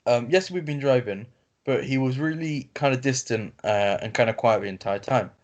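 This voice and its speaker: A man, co-hosting a podcast over a video call, reading a story aloud in casual chat with many fillers and restarts. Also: mid-range voice. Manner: reads haltingly with fillers and self-corrections. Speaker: podcast co-host reading stories. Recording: lo-fi call audio.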